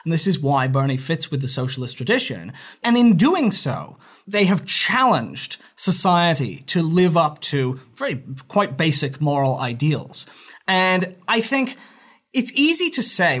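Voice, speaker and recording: Animated man with hybrid British accent. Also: a little high. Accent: British-American hybrid. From England. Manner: animated, argumentative, laughs often. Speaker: author guest. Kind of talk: casual interview chat.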